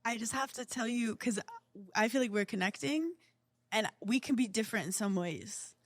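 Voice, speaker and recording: A woman with a New York accent cracks jokes and teases her hosts in a relaxed podcast chat. Her voice sits a little high, and the sound is close and dry. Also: normal speed, dry recording. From New York area. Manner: brash, joking, teasing. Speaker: comedian guest.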